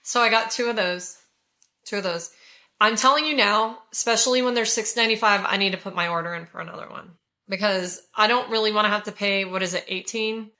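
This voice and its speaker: A woman's voice: mid-range voice, a little fast, pushed and bright. A woman in her forties from California, gushing to viewers in a casual chat while she reviews scented products. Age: 40s. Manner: gushing, effusive, talks to viewers. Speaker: haul vlogger.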